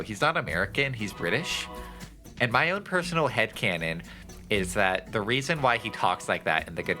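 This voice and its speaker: A man's voice: on the low side, bright, forceful tone. A man streaming a game, chatty and joking, cursing freely as he comments. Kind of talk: casual gameplay commentary.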